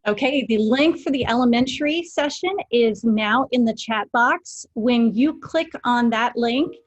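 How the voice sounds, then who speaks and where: Woman calmly giving step-by-step instructions. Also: on the high side, a little slow, muffled recording. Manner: steady, explains step by step. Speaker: webinar co-organizer. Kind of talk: clear instructions on a video call. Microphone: video call.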